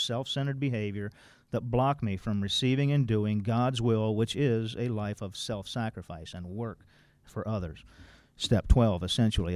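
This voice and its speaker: A man speaking at a recovery workshop, blunt and folksy, with a bit of mild cursing. He reads passages aloud and then breaks them down in plain everyday terms. The sound is dry and close, with the pitch of an average man. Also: darkish tone, no room sound. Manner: blunt, folksy, mildly profane; quotes text then explains it plainly. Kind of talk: informal workshop talk.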